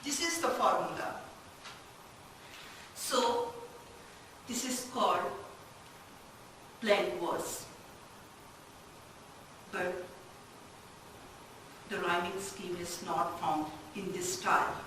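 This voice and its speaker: Slow lecturing woman in an echoey room. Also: lowish voice, a bit bright. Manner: slow, halting explanation with questions to the class. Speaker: literature lecturer. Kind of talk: classroom lecture. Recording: very echoey room, distant mic, faint noise.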